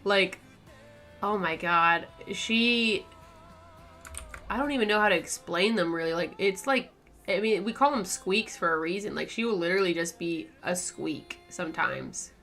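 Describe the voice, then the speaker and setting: Chatty young-sounding woman streamer, bright voice. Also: lowish voice, normal speed, soft background music. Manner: rambling, chatty, lots of likes and laughs. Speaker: art streamer. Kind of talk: casual chat while drawing on stream.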